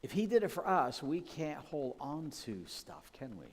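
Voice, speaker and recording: A man's voice: on the high side, big pitch swings, moderate pace. Pastor, man, chatty sermon delivery, church hall with long reverb. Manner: conversational, personal and full of asides. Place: church sanctuary.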